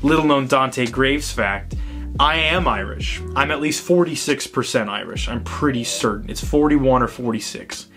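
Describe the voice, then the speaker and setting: A tired, excitable man rambles through a profane rant about horror films. His pitch sits in the middle, and faint music plays behind him. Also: moderate pace, hardly any pauses. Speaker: host. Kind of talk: ranting movie vlog.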